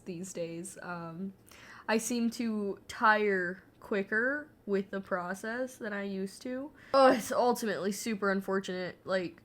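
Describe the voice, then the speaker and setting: A young adult woman chatting casually while she paints, rambling with lots of fillers and swearing freely. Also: medium pitch. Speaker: artist and vlogger.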